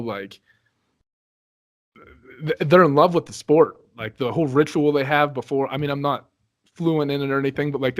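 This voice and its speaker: A man hosting a podcast speaks in an easy, reflective way, thinking out loud. His voice sits in a middle pitch range, and he swears casually. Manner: relaxed, profane, reflective. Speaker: podcast host. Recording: online call with lag.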